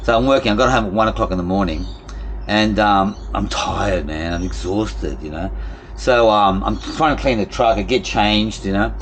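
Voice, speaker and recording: A man's voice: on the low side, moderate pace, fairly bright tone, slight background noise. A man ranting about his job in a casual vlog, frustrated, swearing and rambling. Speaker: vlogger. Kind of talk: casual venting monologue.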